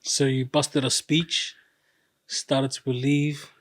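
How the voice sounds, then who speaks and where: A man's voice: medium pitch, flat delivery, slow, a bit bright, no echo, studio quality. A man with a New Zealand accent, co-hosting a casual podcast chat, joking and teasing in banter. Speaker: podcast co-host.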